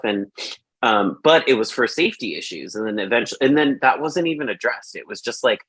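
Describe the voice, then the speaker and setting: A man's voice: mid-range voice, expressive, a little fast, a bit bright, husky, no echo. Rambling male host, dry sound. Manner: rambling, filler-heavy with lots of "like"; acts out his own reactions in quotes. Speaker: podcast host. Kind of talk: casual film review chat.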